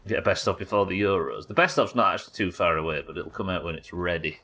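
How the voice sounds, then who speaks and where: Deep yet bright and forceful, this young UK man's voice moves at a quick pace as he streams a game live. He rambles casually in his commentary, swearing and reacting aloud while playing.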